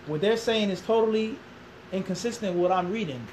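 The recording is rough, carrying a little hiss or hum, and the voice is high, brisk and darkish in tone. It belongs to a man in his thirties from Philadelphia, USA, an Islamic teacher with a Philadelphia accent, whose interview becomes a lecture as he repeats himself and asks the room rhetorical questions.

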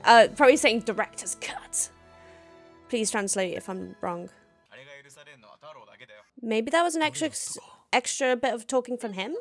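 A woman giving an emotional, gushing reaction commentary while she watches a show. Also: on the high side. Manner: emotional, gushing, exclaims and laughs often. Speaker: reaction video host.

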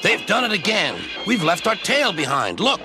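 A man voicing an engine driver who gives brisk, urgent warnings. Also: high-pitched, sing-song, over loud music, pitched above the performer's own voice.

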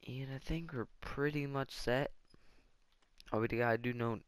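A man's voice: medium pitch, unhurried, clean tone, no room sound. A man giving casual let's-play commentary, rambling and thinking aloud as he plays. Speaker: gaming channel host.

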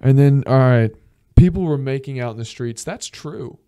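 Mellow, profane young storyteller. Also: male voice, mid-range voice, normal speed, clear, resonant tone. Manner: animated and profane, laughs often, acts out quotes. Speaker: podcast host. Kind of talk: casual storytelling.

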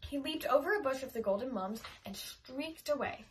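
A woman reading a children's chapter book aloud in a lively, expressive way. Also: high-pitched, moderate pace, slight background noise. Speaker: audiobook reader. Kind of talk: storybook read-aloud.

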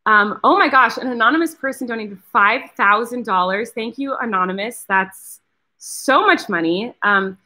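A woman's voice: fairly high pitch, moderate pace, pushed and bright. A woman hosting a live charity fundraiser, talking casually and earnestly to viewers and thanking donors. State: tearful, close to crying. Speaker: host of a charity fundraiser livestream.

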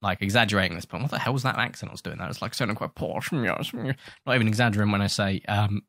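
A man's voice: fairly low pitch, quick pace, a bit bright, no room sound, studio quality. A man hosting a gaming channel, giving rambling, jokey, self-mocking commentary while he scolds the creatures in his game. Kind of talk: casual gameplay commentary.

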